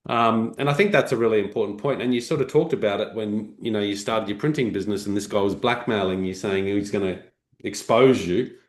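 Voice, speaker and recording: Low-voiced podcast host, roomy sound. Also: male voice, a little fast. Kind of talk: conversational interview.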